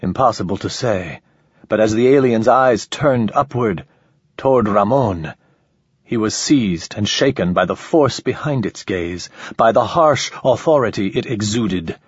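A man reading a science-fiction novel aloud as narrator, in a measured, unhurried way. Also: lowish voice, animated, slightly rough, dry recording. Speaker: audiobook narrator. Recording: slightly dull, dry audio.

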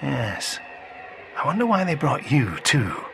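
A man's voice: medium pitch, big pitch swings, takes it slowly, creaky, a bit bright, a little hiss or hum, heavily acted. A man doing a bold, sardonic time traveller. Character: bold, witty eccentric time traveller, male.

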